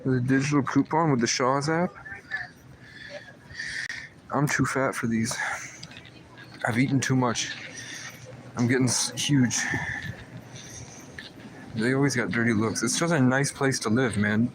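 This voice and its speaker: A man rambles through a story on a phone livestream in a brash, profane way. The stream is noisy, with a steady background clearly heard. His voice sits in a middle register for a man. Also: medium pitch, moderate pace, long pauses. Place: outdoors riding around town, then in a store.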